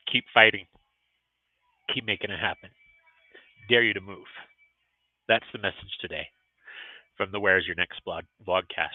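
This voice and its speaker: Earnest low-voiced man on a tinny phone line. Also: no echo. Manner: earnest and encouraging, emotional at times. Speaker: vlogcast host. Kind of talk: motivational livestream vlog. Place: restaurant.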